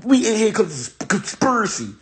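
A young man talks into his phone, ranting in playful mock despair and often breaking into laughter. His voice sits a little high for a man. He repeats the same short lines for comic effect. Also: big pitch swings, normal speed. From Ohio. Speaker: internet personality. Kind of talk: joking live-stream rant.

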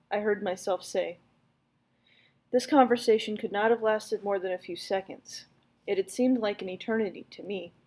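A woman teacher reading a book aloud for her students, raising her voice for the dialogue. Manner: reads dialogue louder and higher.

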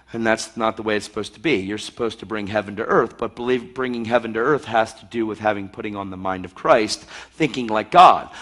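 A man's voice: mid-range voice, fairly bright tone. A man preaching an emphatic, intense sermon, acting out scenes with sound effects. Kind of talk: charismatic sermon.

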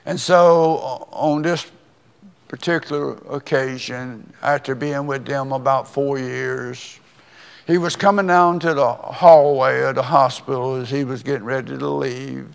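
Slow gravelly older pastor in a hall. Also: male voice, medium pitch, fairly even intonation. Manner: slow, deliberate storytelling with pauses. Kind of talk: sermon. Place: church sanctuary. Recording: long reverb of a church hall.

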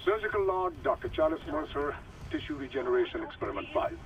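A man's voice: a little high, very animated, quick pace, highs cut off, a little hiss or hum. An actor playing an obsessive male scientist dictating a surgical log in a clinical, fervent way.

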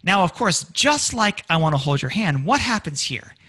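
An energetic man lectures on music before an audience and acts out lyrics in dramatic voices. His voice sits fairly high and swings widely in pitch. The tone is bright and forward. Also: normal speed, breathy edge. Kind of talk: public lecture. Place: community presentation room.

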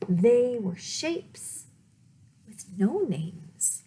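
A woman reading a picture book aloud at storytime, slow and playful, often dropping to dramatic whispers. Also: fairly high pitch, very animated, dark tone, a little hiss or hum. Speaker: children's librarian reading aloud.

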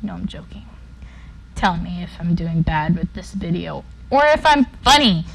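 A woman giving casual, playful commentary while playing a video game. She jumps between loud outbursts and mumbled asides. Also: on the low side, lively intonation, moderate pace, creaky, husky, low-quality recording. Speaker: gaming YouTuber. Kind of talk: casual let's-play commentary.

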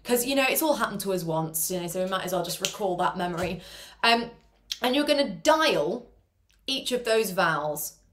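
A choir singing teacher runs an online vocal warm-up lesson from home over a video call. Her medium-pitched voice is expressive and moves at normal speed, and she chats, encourages students and demonstrates sounds.

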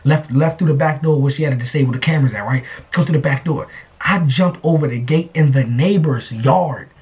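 Animated young man telling a story. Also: a little high, a little fast. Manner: animated, slangy, lots of repetition. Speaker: vlogger. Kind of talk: casual storytelling to camera.

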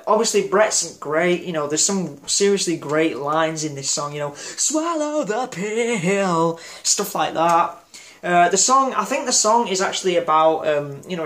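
A man's voice: a little high, a bit bright. A man giving a casual album review vlog, enthusiastic and rambling, with lots of fillers and restarts. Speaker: music reviewer.

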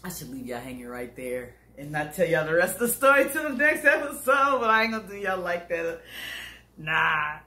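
A woman bus driver telling a comic story to viewers in an animated, chatty way, calling them y'all. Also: on the low side, moderate pace. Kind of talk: comedic storytelling to camera. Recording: roomy echo.

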